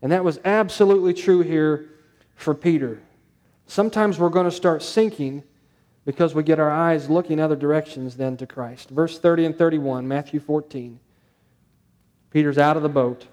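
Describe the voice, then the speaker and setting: A man's voice: fairly high pitch, moderate pace, a little mellow. A male pastor preaching a sermon, stressing points through repetition and rhetorical questions.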